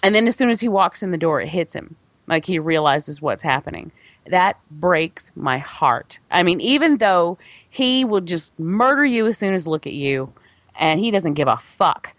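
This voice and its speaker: On a film podcast, this female co-host speaks at a moderate pace in a fairly low, expressive voice with no room reverb. Her talk about movies is loose and meandering, full of laughter and false starts.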